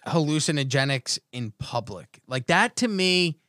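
A middle-aged man telling a rambling, excitable story in casual chat with friends. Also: fairly high pitch, a little slow, no room sound, studio quality. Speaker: podcast co-host.

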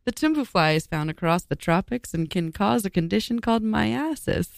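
A woman's voice: medium pitch, animated, normal speed, creaky, no room sound, clean studio sound. A young woman co-hosting a casual podcast, reading an article aloud and groaning and swearing in disgust as she goes. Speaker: podcast co-host.

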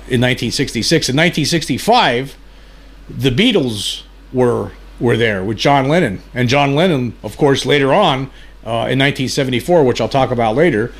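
A man hosting a commentary video, speaking haltingly with many fillers and restarts. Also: medium pitch. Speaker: host.

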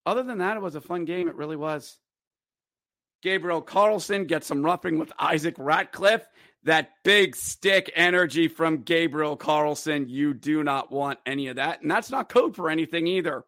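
Male podcast host, higher voice, dry close-mic sound, excitable hockey recap full of jokes and shouts. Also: normal speed, dry recording. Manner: excitable, jokey, acts out players' voices with sudden loud shouts. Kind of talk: animated solo sports recap.

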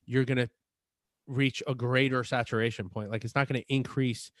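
A man's voice: medium pitch, level tone, moderate pace, no room sound. A man with a mid-range voice co-hosts a fitness chat and walks through supplement advice in an explanatory way. He often restarts and repeats himself as he talks. The sound is close and dry. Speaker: fitness podcast co-host. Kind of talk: casual chat.

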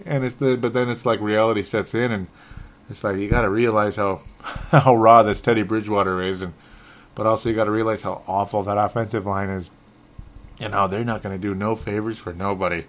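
A man's voice: on the low side, fairly even intonation, brisk. A man hosting a solo sports talk show, sounding frustrated and rambling, often stumbling and correcting himself. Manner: restarts and self-corrections. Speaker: sports podcast host.

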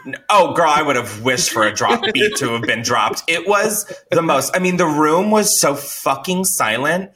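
A man telling a story in casual chat, animated and profane, with lots of "like.". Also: a little high, normal speed, hardly any pauses. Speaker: podcast co-host telling a story.

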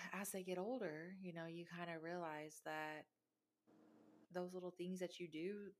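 A woman's voice: fairly low pitch, fairly even intonation, a little slow, slight background noise. A woman in her thirties chatting openly about her kids, candid and emotional, laughing as she tells stories. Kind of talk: casual chat.

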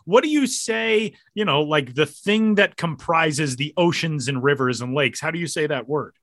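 A man's voice: fairly high pitch, normal speed, dry recording, studio quality. A young adult man hosting a podcast in casual chat, joking and laughing often. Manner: jokey, animated, laughs often. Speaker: podcast host. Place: home studio in Denver.

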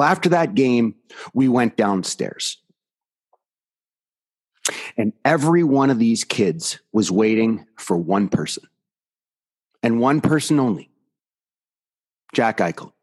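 Husky, emphatic man telling a story. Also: medium pitch. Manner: emphatic and indignant, repeats for effect. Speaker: youth hockey coach. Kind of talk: storytelling on a podcast.

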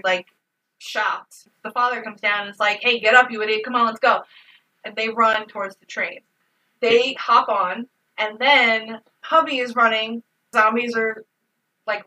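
A woman co-hosting a casual podcast, recapping a movie in an animated, emotional way and swearing freely. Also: medium pitch, distant mic, rough recording. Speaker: podcast co-host.

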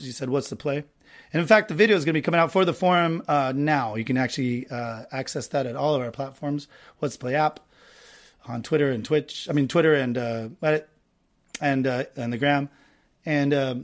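A man's voice: mid-range voice, brisk. A man hosting a podcast in casual chat, rambling and joking with many fillers. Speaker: podcast host.

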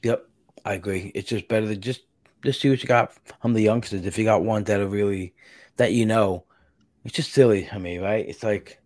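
A man with a fairly low voice hosts a podcast in loose, casual chat. He rambles, breaks off mid-thought and picks the sentence up again. The sound is dry and close. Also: fairly even intonation, a little fast, darkish tone, no echo. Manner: rambling, self-interrupting, laughs between thoughts. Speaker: podcast host.

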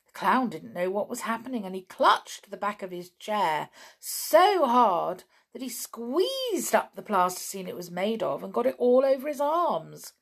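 A woman reads a children's storybook slowly and expressively, letting her pitch rise and fall widely. Her voice carries a gravelly texture, and she adds dramatic gasps and sighs. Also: very animated. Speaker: narrator. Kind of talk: storybook reading.

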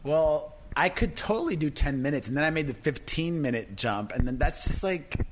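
A middle-aged man chatting casually as a podcast guest, animated and laughing easily, tripping over restarts. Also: on the high side, slight background noise. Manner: animated, quick bursts of laughter, stammers on restarts. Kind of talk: casual chat.

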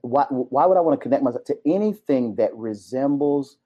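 A man's voice: medium pitch, animated, dull audio. A man co-hosting a Christian commentary podcast, reflective, restarting his sentences as he thinks aloud. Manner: halting, many restarts, reflective. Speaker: podcast co-host.

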